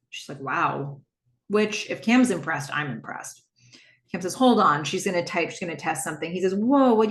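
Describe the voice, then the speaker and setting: A woman hosting a podcast, casually recapping a TV episode and acting out the characters' lines in lively asides. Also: lowish voice, reverberant. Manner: animated, acts out dialogue in quoted asides.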